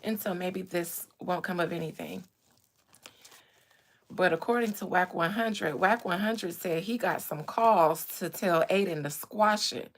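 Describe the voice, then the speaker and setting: A woman hosting a gossip commentary show, talking in a dramatic, animated, slangy way. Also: fairly low pitch, unhurried. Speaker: host.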